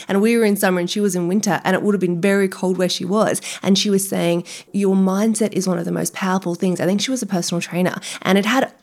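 Gravelly-voiced woman hosting a chatty interview. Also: medium pitch, a little mellow. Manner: chatty and encouraging, with tag questions. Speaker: podcast host. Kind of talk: casual conversational interview.

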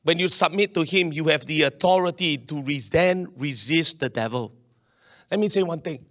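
High-voiced pastor preaching. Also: male voice, normal speed. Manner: animated, acts out quoted voices, swings between loud and quiet. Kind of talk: sermon.

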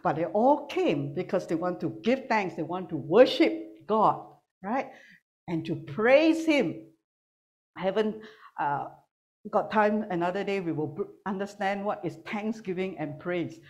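Animated woman preaching with teasing humor. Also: medium pitch. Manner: animated, teasing, swings between loud and quiet. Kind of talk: sermon with humor. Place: church hall with online congregation.

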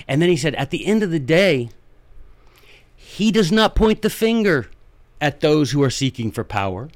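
A man's voice: a little high, very animated, moderate pace. A man giving impassioned, folksy political commentary as a podcast host, repeating his points for emphasis.

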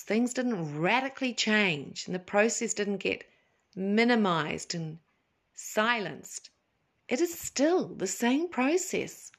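With a mid-range voice, a woman hosting a spiritual podcast talks gently and slowly in a calming manner, now and then putting on small voices to drive a point home.

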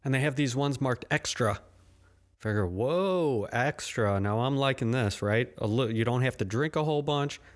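A man's voice: medium pitch, moderate pace. Guy ranting on his solo podcast, swears a lot, griping and joking at himself. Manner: griping, profane, self-deprecating. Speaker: podcast host. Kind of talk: casual solo podcast rant.

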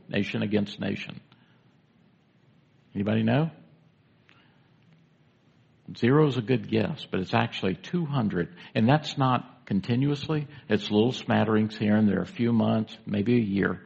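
A man preaching to his congregation with a low, gravelly voice that turns husky at the edges. He talks conversationally and keeps asking the listeners questions. The recording sounds dull and lo-fi. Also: darkish tone. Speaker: pastor. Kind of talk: sermon. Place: church sanctuary with congregation.

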